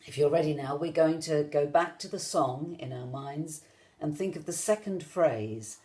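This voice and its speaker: A woman with a deep voice teaches rhythm in an online lesson, walking viewers at home through it patiently and gently, step by step, at a moderate pace.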